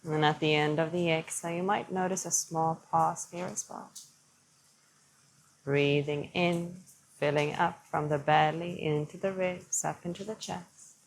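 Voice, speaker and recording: Woman yoga teacher, slow gentle guidance, slightly low voice, faint background noise. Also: steady tone, poor audio. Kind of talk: guided yoga instruction.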